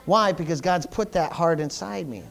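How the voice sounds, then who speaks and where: Halting, fervent preacher man with a higher voice. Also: vocal fry. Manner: halting, repeats words, swings between loud and soft. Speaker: pastor. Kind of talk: sermon.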